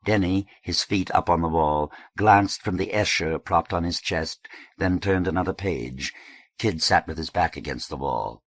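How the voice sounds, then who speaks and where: A man narrating a novel as an audiobook in a measured, even way. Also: deep voice.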